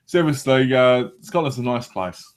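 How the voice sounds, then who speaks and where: An English man hosting a relaxed podcast, talking in loose, joking banter. He rambles, restarts his sentences and swears now and then. His voice sits at an ordinary middle pitch. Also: normal speed, smooth. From England. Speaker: podcast host. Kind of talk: casual banter.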